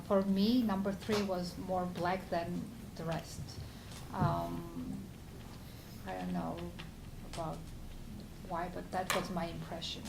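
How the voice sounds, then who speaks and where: A woman giving a tentative, pausing speech as a player at a tournament game. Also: medium pitch, gravelly. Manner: tentative, many pauses. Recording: echoey noisy room.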